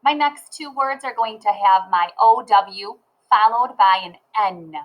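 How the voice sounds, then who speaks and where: A woman teaching a phonics lesson to children, sounding out letters and words slowly and clearly. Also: mid-range voice, poor audio.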